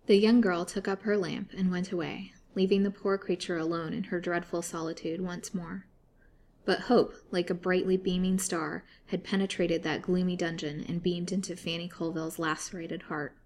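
A woman narrating a serialized story with steady, dramatic reading. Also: fairly low pitch, moderate pace, a little hiss or hum.

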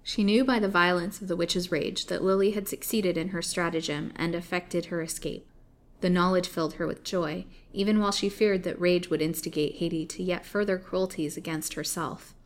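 A woman reading an old serialized novel aloud in an expressive, dramatic way. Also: lowish voice, normal speed. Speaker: storyteller.

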